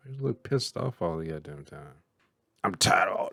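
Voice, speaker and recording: A man's voice: deep voice, lively intonation, normal speed, gravelly, a bit bright. A man with a Southern American accent giving blunt, profane commentary while reacting to a movie, laughing and mimicking characters.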